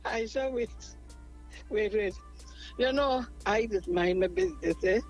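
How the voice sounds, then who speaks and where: An older Trinidadian grandmother calling a radio show by phone from her car, animated and scolding. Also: medium pitch, a little slow, soft background music, low-quality recording. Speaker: caller. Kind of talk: call-in radio talk.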